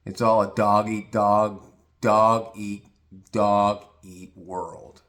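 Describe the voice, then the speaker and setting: A man's voice: on the low side, level tone, extremely slow, fairly bright tone. A middle-aged man from the United States telling a rambling, crude story about office brown-nosers as a podcast host. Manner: blunt, crude, rambling with restarts. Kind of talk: casual storytelling monologue.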